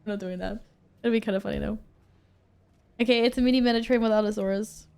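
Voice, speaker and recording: A woman's voice: on the high side, fairly even intonation, fast talker, creaky, a little mellow, clean tone. A woman streamer chatting casually while she plays a game, reading out and answering her chat and laughing often.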